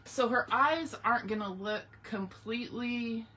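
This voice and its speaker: A woman's voice: a little high, a little slow, sharp tone, far from the mic. Chatty woman hosting a craft livestream. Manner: chatty, greets viewers by name between steps. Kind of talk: casual live craft tutorial.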